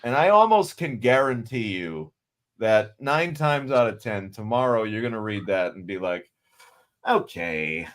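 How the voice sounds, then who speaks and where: A man hosting a podcast, talking bluntly and casually, calling listeners brother. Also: lowish voice. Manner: blunt, conversational, calls people brother. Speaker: podcast host.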